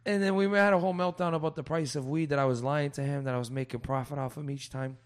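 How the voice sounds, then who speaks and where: A young man in casual chat, telling rowdy stories and swearing a lot, acting out loud quoted voices. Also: fairly high pitch, fairly even intonation, fast talker.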